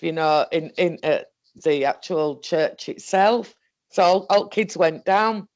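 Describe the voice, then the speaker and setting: A woman with a Northern English accent telling a personal story in a halting, rambling way, correcting herself and restarting as she goes. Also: on the low side, a little mellow. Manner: halting, self-correcting, full of fillers and restarts. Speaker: guest recounting a paranormal experience.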